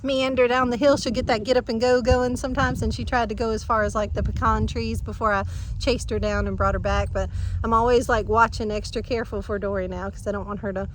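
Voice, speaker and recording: A woman's voice: a little high, flat delivery, fast talker, slight background noise. Chatty woman telling a story. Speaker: farm vlogger. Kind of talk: casual storytelling to camera. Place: outdoors on a farm.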